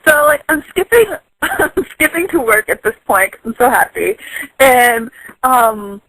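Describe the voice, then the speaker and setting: A woman's voice: a little high, lively intonation, measured pace, sharp tone, husky, no echo, rough recording. A woman telling a casual story from work, chatty and giggly, full of likes and ums. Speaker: storyteller in a voice post.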